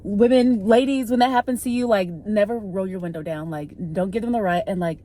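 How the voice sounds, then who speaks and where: Woman, 30s, from the Midwest, casual vlog chat, warm tone, chatty storyteller. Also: mid-range voice, a little fast. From American Midwest. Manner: chatty storytelling, many "like" fillers. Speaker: vlogger.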